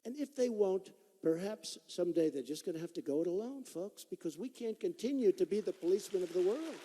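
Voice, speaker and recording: A man's voice: sits high, lively intonation, a little fast, dark tone. A man in his sixties giving a campaign rally speech in a large performing arts hall. He talks in a repetitive, boastful, conversational way. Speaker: political candidate at a rally. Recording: long hall reverb.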